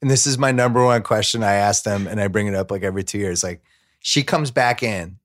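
A man's voice: lowish voice, brisk, a bit bright, no echo, clean studio sound. A man hosting a podcast, an enthusiastic, opinionated interviewer in casual chat. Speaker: podcast host. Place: podcast studio.

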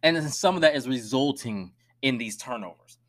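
A man hosting a solo sports podcast, talking emphatically and swinging between loud outbursts and hushed asides. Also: medium pitch, expressive, normal speed. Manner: direct, addresses listeners as y'all. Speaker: podcast host.

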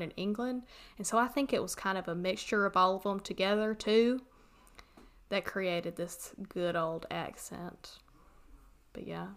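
A woman from Western North Carolina with a Southern accent, co-hosting a podcast and telling a story in casual chat, animated and laughing often. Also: medium pitch. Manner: animated, laughs often, reads old text aloud with asides. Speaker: podcast co-host.

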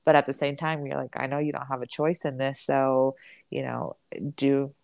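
A woman's voice: extremely low pitch, little pitch movement, moderate pace, gravelly, darkish tone, dry recording. A young woman co-hosting a podcast, chatting casually with many fillers and restarts. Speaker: podcast co-host. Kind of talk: casual chat.

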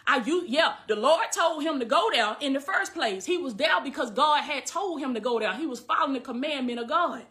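Female online preacher, high voice, fervent call-and-response delivery. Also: lively intonation, fairly quick, hardly any pauses, fairly bright tone. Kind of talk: sermon-style online message.

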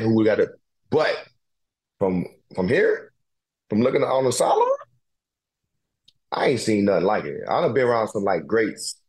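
A man hosting a casual chat, talking in a slangy, profane, animated way, repeating phrases for emphasis and laughing often. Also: lowish voice. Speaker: podcast host and pro football player.

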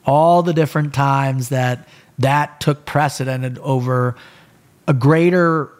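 A middle-aged man recounts his past in a relaxed, conversational podcast chat. He swears casually and slips in and out of quoted dialogue, keeping the story animated. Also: mid-range voice, slow pace. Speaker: podcast guest.

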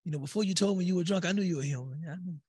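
A man's voice: high voice, very fast, a little mellow, breathy edge, no room sound. A man teaching a spiritual text in a conversational way, with many fillers and tag questions. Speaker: religious teacher.

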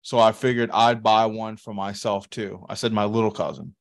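A man's voice: fairly low pitch, fairly even intonation, moderate pace, vocal fry. A man, co-hosting a podcast in casual, profane chat and telling rambling stories with laughs. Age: 30s. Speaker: podcast co-host.

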